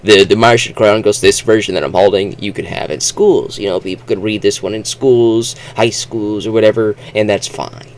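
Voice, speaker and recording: A man giving a casual, rambling book review vlog, talking haltingly and restarting his sentences. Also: on the low side, steady tone, a little hiss or hum.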